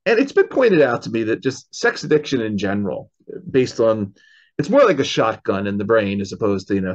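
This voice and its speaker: A male podcast host asks long, searching questions that wander through fillers before they land. His pitch moves a lot, rising and falling as he talks. The recording sounds dull and lo-fi. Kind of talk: interview questions.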